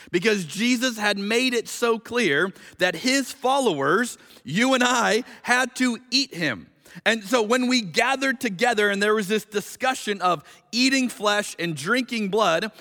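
Bright-voiced man preaching in a hall. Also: sits high. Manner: conversational, animated, reads scripture slowly and emphatically. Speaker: pastor. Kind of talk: sermon.

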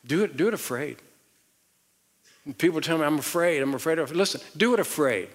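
In a large church auditorium with long hall reverb, a middle-aged man with a Southern US accent preaches as pastor, conversational in style with many repeated words and rising emphasis. His voice is on the high side, animated and a little fast.

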